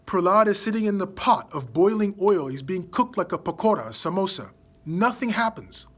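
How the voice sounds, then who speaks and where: A man telling a story to a children's class in a relaxed, casual way, slowing down for quoted lines. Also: on the high side.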